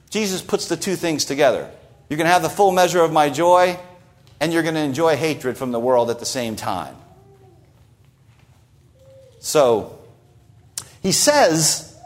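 A man preaching a sermon, teaching from a Bible passage with emphatic stresses and rhetorical asides. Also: a little high.

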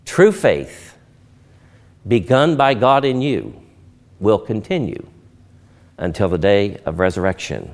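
A man preaching a sermon with a lively, wide-ranging pitch that climbs high and loud at its peaks. He talks in an earnest way, drawing out key phrases slowly before building again. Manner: earnest preaching with dramatic swells and slow emphatic pauses. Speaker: pastor.

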